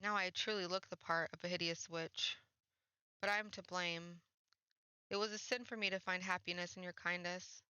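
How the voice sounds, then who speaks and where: A guilt-ridden, ashamed young woman speaks softly and mournfully, as a woman reading a visual novel plays her. The voice is bright and clear, and the recording is dry and slightly dull. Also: fairly low pitch, fairly even intonation, moderate pace, no echo. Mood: sorrowful.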